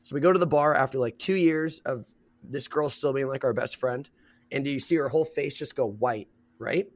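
A man's voice: medium pitch, normal speed. A young man hosting a podcast, telling a story in casual chat, rambling and full of slang, laughing often. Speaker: podcast host.

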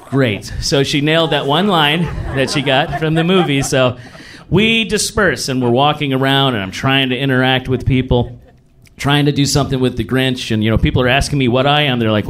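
A young man telling a comic personal story, animated and self-mocking, his pitch jumping up and down. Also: fairly quick, a crowd in the background. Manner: animated, self-mocking, swings between high and low pitch.

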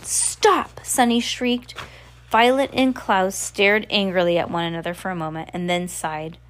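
A woman's voice: on the low side, normal speed, fairly bright tone. Casual amateur woman reader, stumbles and rereads. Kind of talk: casual read-aloud of a novel.

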